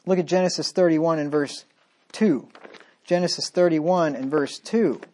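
A man delivers a sermon, reading scripture aloud in a firm voice. His talk swings between loud, emphatic points and quiet, sarcastic asides. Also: fairly high pitch, a little slow. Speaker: preacher.

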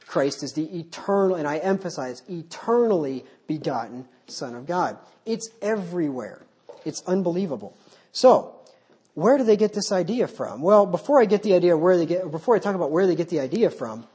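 Husky-voiced male Baptist preacher. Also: high voice, expressive, normal speed, a little mellow. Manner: unscripted, poses rhetorical questions. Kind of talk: verse-by-verse sermon teaching.

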